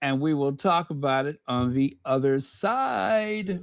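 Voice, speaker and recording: A woman's voice: deep voice, lively intonation, slow, no echo, clean studio sound. A woman hosting a casual commentary channel, chatting and teasing while fumbling to find clips.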